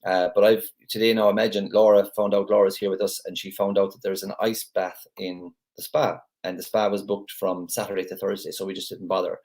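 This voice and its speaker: A man's voice: deep voice, little pitch movement, a little fast, hardly any pauses, darkish tone. A man leading a gratitude group on a live video call, talking casually in a chatty, rambling way with lots of restarts.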